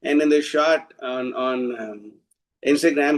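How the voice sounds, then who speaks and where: A man's voice: medium pitch, a little slow, poor audio. A man giving an informal devotional talk, blunt and scolding, often restarting his sentences. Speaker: devotional preacher.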